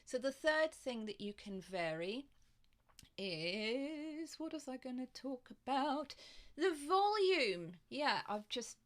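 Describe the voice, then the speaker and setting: A woman's voice: expressive, slow, a bit bright. A woman voice coach giving online presenting tips to camera in a chatty, demonstrative way, speaking into a desk microphone in front of her. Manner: chatty and demonstrative, varies pitch and volume to show points.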